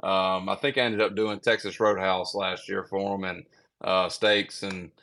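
Man, young adult, casual podcast guest, rambling, filler-heavy, fairly low pitch. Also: level tone, measured pace, pushed and bright. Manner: rambling storyteller with many fillers.

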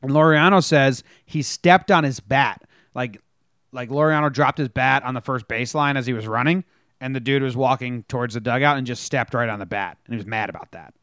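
A man with a mid-range voice co-hosts a casual sports podcast, speaking briskly over a clean studio sound with no room noise. He retells game moments with animated storytelling, acting out the players' lines.

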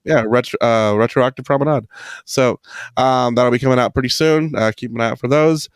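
A man guest-hosting a podcast, wrapping up the show in a relaxed way with plenty of "uh" and "um". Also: mid-range voice, clear, resonant tone, dry recording, clean studio sound. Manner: relaxed, halting with filler words. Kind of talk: casual show wrap-up.

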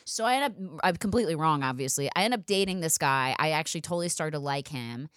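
A young woman tells a comic story in casual chat, her pitch swinging widely as she swears and throws in asides. The sound is dry and close, with no room echo. Her energy stays high and playful. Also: fast, clean tone. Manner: profane, animated, full of asides like "okay?".

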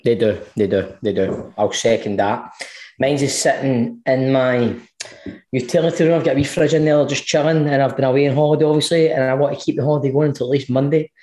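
A man's voice: medium pitch, fairly even intonation, fairly quick, mellow. Easygoing man in an echoey room. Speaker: co-host. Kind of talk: casual chat.

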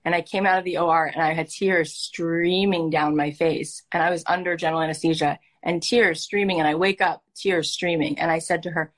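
Earnest woman coach, heartfelt and animated. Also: low voice, a little fast, hardly any pauses. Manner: earnest, emotional, animated storytelling. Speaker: life coach and host.

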